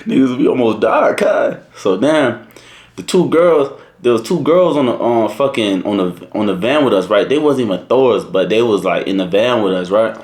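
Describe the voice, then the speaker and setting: A man's voice: fairly low pitch, moderate pace, echoey room. Young man telling a profane story. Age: young adult. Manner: slangy, profane, animated retelling. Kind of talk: casual storytime.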